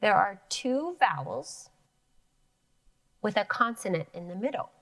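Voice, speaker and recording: A woman teacher giving a phonics lesson to children, slowly and clearly stretching out sounds and spelling letters. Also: medium pitch, animated, a bit bright, no room sound, far from the mic. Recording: dry sound, voice a bit off the mic.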